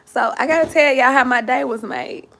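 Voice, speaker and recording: Chatty excitable woman on a livestream. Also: high voice, moderate pace. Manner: chatty and excitable, greets viewers by name, repeats herself. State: sleepy. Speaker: livestream host. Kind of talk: casual livestream chat with viewers.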